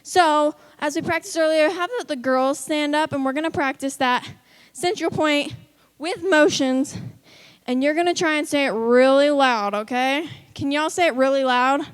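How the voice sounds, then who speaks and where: A woman's voice: high voice, moderate pace. A woman leading a kids' church lesson, upbeat and coaxing as she calls out countdowns to the children. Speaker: children's ministry leader.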